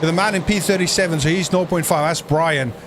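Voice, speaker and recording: A man giving jokey, excitable live commentary on a sim race, breaking into shouts at crashes. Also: fairly high pitch, brisk, background noise.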